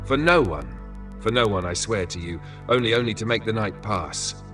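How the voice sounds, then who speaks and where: A man voicing a frightened young male peasant prisoner in a dark fantasy story, stammering and pleading. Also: on the low side, animated, normal speed. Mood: confiding. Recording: voice from a distance with faint music.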